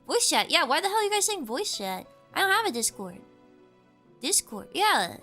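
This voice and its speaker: A woman's voice: very high voice, normal speed, soft background music. A young woman streamer from the American South, chatting casually and teasing her viewers as she reads their messages aloud. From Southern United States. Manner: playful, teasing, animated. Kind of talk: casual livestream chat, reading chat aloud.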